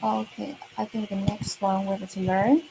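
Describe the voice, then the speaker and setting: A woman's voice: medium pitch, level tone, normal speed, creaky, mellow, a little hiss or hum, rough recording. A woman teaching a lesson for kids, speaking patiently, repeating words and often checking with "okay?" and "right?". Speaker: Mandarin teacher. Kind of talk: online kids' language lesson.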